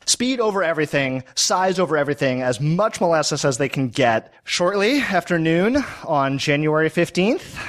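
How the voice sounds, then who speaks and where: A man's voice: on the high side, animated, moderate pace, hardly any pauses, a bit bright. A man hosting a casual chat show, telling a story with lots of emphasis, fillers and restarts. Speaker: podcast host.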